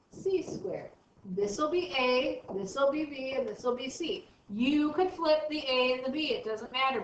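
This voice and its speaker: A woman's voice: sits high, fairly bright tone, far from the mic, slight background noise. A woman math teacher giving a recorded lesson, chatty and thinking aloud as she works through problems. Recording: dull, roomy, from off mic.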